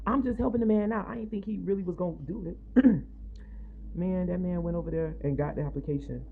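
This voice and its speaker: A woman's voice: on the low side, fast talker, slightly rough. A woman vlogger telling a personal testimony in a chatty, rambling, half-whispered way, recorded on a phone at home. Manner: rambling, chatty, animated, quotes others in her retelling. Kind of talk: casual storytelling, half-whispered. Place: own apartment building. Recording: tinny phone-like audio with faint noise.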